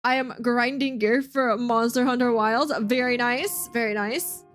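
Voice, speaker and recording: A young woman chatting casually with her stream audience from home, her voice sitting high and light. She talks in a bubbly, giggly way, and soft music plays faintly behind her. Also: a little slow. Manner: chatty and bubbly, laughs often. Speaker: game streamer. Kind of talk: casual chat with stream viewers.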